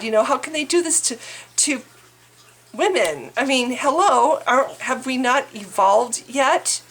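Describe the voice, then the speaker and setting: A woman's voice: a little high, fairly bright tone. A woman vlogger delivering an angry, exasperated political rant, swearing and stumbling over restarts.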